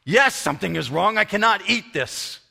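An angry, frail old man in a wheelchair, as a preacher puts him on, speaking in a thick Hebrew accent. He complains with indignant force, his voice pushed high and loud above the preacher's own, bright and sharp in tone. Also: lively intonation, normal speed, gravelly, breathy edge, big-room sound, heavily acted.

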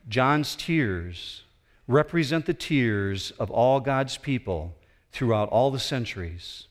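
A man preaching a sermon from the United States, dramatic and building to emphatic peaks. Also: mid-range voice. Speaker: pastor.

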